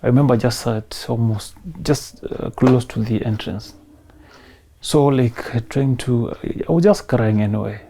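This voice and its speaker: A man in his thirties with a Kenyan accent, telling his personal story in an emotional, soft-spoken way and mixing in Swahili phrases. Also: medium pitch, a little slow, gravelly, husky. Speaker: interview guest.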